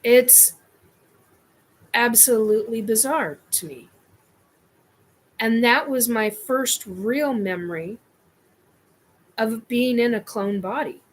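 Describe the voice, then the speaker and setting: Slow-talking woman telling a rambling story. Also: fairly high pitch. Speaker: host. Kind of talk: personal experience story.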